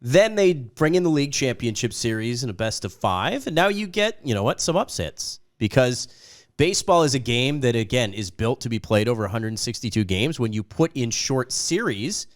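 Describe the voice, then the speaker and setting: A man co-hosting a casual sports talk show, his voice still a little raspy from an illness, chatty and opinionated. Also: medium pitch, big pitch swings, normal speed. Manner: chatty, opinionated, jokes at himself. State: lingering raspy voice after an illness. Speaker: co-host.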